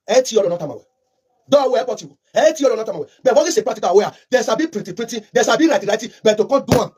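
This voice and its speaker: A man's voice: high voice, a little mellow, slightly rough. A man with a Nigerian accent mixing in Pidgin, giving fervent, rambling political commentary with lots of repetition.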